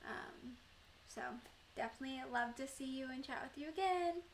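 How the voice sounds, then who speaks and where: A woman's voice: sits high, moderate pace, slight background noise. A young woman chatting casually with viewers on her live stream, rambling with lots of fillers.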